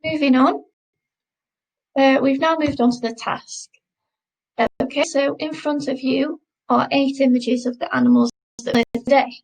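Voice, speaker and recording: A woman teaching a recorded French lesson, modelling words slowly and repeating them for learners to copy. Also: sits high, flat delivery, vocal fry, poor audio. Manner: slow, careful pronunciation drills, repeating words.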